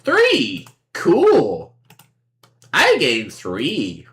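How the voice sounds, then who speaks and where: A woman's voice: sits low, wildly swooping pitch, very slow, slight background noise. A woman streamer giving casual commentary on a card game, playful and sarcastic, acting out both sides of the table and swearing freely.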